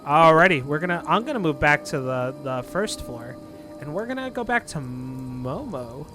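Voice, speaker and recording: A man's voice: a little high, expressive, moderate pace, music in the background. A man narrating a tabletop game as dungeon master, in loose narration full of fillers.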